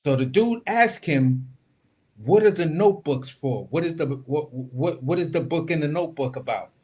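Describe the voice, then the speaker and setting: A man's voice: on the high side, expressive, normal speed, a little mellow. A man co-hosting a boxing talk stream, telling the story in casual chat and acting out the quotes. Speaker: boxing podcast co-host. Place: home studio, live stream.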